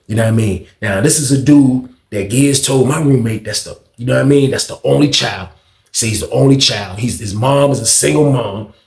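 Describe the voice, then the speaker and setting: A young man telling a casual story in an animated, profane, rambling way, heard in a roomy echo. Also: mid-range voice, fairly quick, creaky. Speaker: storytime vlogger.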